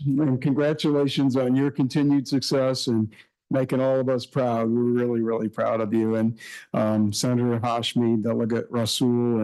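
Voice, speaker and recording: Middle-aged male university president, earnest welcome address, halting with fillers. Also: mid-range voice, darkish tone, low-quality recording. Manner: earnest, repetitive emphasis with many fillers. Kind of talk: welcome speech at a summit.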